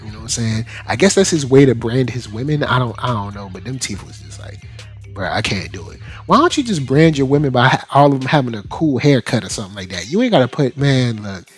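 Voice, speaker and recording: A man hosting an anime review show in casual, slangy commentary, animated and laughing often. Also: mid-range voice, fast talker, few pauses, soft background music.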